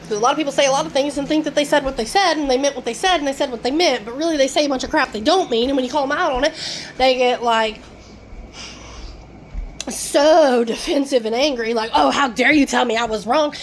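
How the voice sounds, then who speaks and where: A woman's voice: high voice, fast talker, a little hiss or hum. A woman vlogging at home in a rambling, profane rant, laughing between her thoughts. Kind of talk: casual rant to camera. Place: at home, indoors.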